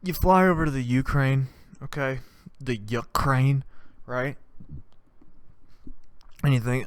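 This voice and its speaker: A man's voice: mid-range voice, slow pace, long pauses, smooth. A man hosting a podcast, delivering a rambling, profane comedic monologue in which he acts out scenes. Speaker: podcast host.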